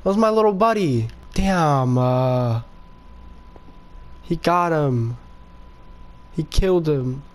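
A man giving casual gameplay commentary with excitable, cursing outbursts. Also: fairly high pitch, takes it slowly, long pauses. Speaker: gaming video creator.

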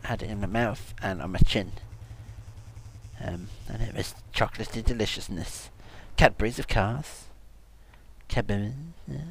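A man hosting a comedic let's-play, excitable, silly and teasing as he talks over the game. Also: on the low side, normal speed, a little hiss or hum. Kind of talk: comedic gaming commentary.

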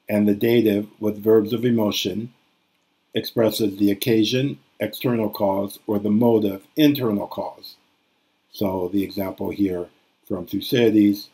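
Man, classics lecturer, unhurried delivery, mellow tone, pauses and restarts while explaining. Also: fairly low pitch, slightly rough, poor audio. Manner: deliberate, thinking aloud, with hesitations and restarts; reads quoted passages aloud slowly and carefully. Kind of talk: recorded grammar lecture.

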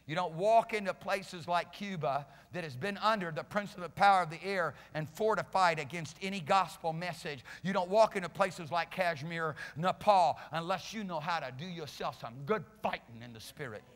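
A male pastor preaching a fiery sermon in a church, repeating phrases and swinging between shouts and low, quiet lines. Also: moderate pace, few pauses. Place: church sanctuary. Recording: reverberant church hall.

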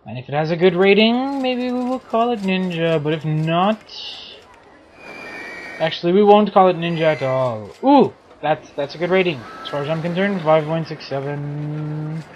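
A man's voice: fairly high pitch, normal speed, highs cut off. A man with a scratchy throat giving playful, silly commentary while playing a game. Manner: playful, silly self-narration. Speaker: let's play host.

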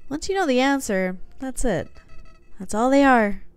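In a clear, resonant, animated voice pushed high, a woman performs a sinister talking flower's game dialogue, soulless and manipulative, confiding in a cold way with a touch of theatricality. She speaks at a moderate pace on a dry recording with faint music behind.

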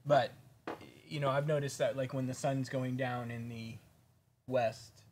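A man's voice: medium pitch, unhurried, slight background noise. A man co-hosting a painting tutorial, chatting casually and thinking aloud as he paints. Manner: relaxed, chatty, thinks aloud while working. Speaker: painting instructor, co-host.

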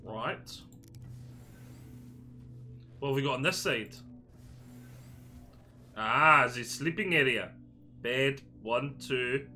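A man's voice: medium pitch, drawn-out words, long pauses, bright, forceful tone, faint music behind. A Scottish man giving a chatty, jokey walkthrough of a video game, thinking aloud as he goes. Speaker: gaming video creator. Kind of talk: casual game walkthrough commentary.

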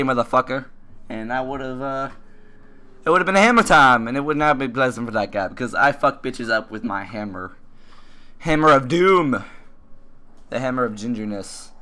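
A young man with a lowish, pushed, bright voice jokes casually through a survival game at his computer. He's a gaming commentator doing relaxed let's-play commentary, cursing freely and breaking into laughter.

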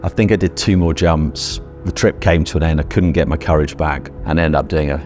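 A man's voice: rumbling low, steady tone, brisk, darkish tone, soft background music. A middle-aged British man earnestly telling a vivid personal story and acting out his own past thoughts. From Britain.

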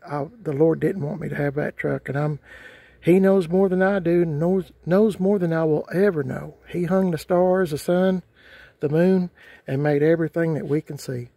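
A man's voice: a little high, gravelly, dark tone, no echo. A middle-aged man, ranting casually to his vlog audience, rambling and repeating himself in a folksy way. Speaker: vlogger. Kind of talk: casual rant to camera.

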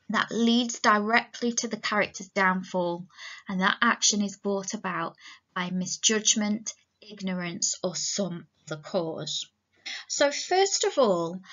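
A woman English teacher talks through a recorded lesson in a slow, measured, explanatory way. Her voice is bright and clear, and the recording sounds dull and lo-fi. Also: medium pitch. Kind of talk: recorded lesson, reading aloud.

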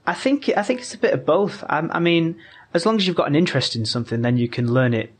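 A man's voice: a little high, sing-song, quick pace. A man, a podcast guest, explaining patiently in a casual conversation, often restarting his sentences.

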